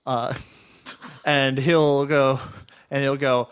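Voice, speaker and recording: A man's voice: mid-range voice, slow pace, clear, resonant tone, no echo, clean studio sound. A man narrating as game master in a tabletop role-playing game, casual and chatty with frequent fillers and laughs.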